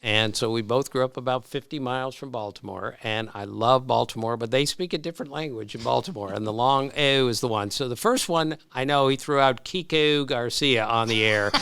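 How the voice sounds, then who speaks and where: Bright, crisp older man telling stories. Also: medium pitch, dry recording, clean studio sound. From Maryland, USA. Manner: animated anecdotes with self-amused laughter. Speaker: podcast host, baseball writer. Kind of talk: storytelling in a live Q&A.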